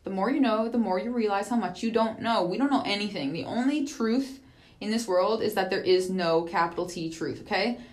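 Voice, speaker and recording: A woman's voice: medium pitch, a little fast. A woman hosts a podcast alone and speaks in a casual monologue. She is chatty and profane and laughs easily as she rambles through her story. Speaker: podcast host.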